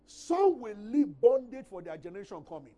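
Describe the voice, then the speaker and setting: A man with a Nigerian English accent preaching a sermon as pastor, swinging between loud, emphatic scripture reading and quiet, conversational asides. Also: sits high, very animated, normal speed.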